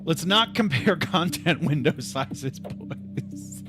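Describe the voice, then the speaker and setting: A man's voice: fairly high pitch, expressive, slow pace, over music. A man hosting a livestream in casual chat, rambling and joking at his own expense. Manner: rambling, joking, self-deprecating. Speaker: livestream host.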